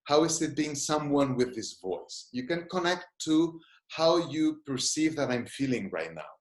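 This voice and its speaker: This man's voice is fairly high and sing-song, paced in a measured way. As a gestalt therapist leading an online webinar lecture, he explains things carefully and invites short exercises, with a roomy echo on the audio.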